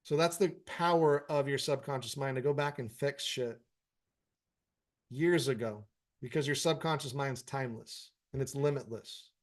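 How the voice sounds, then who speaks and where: A man's voice: mid-range voice, moderate pace. Man, meditation teacher, informal live Q&A, blunt and profane but encouraging. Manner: frank, profanity-laced, encouraging. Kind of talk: casual live Q&A, reading viewer comments.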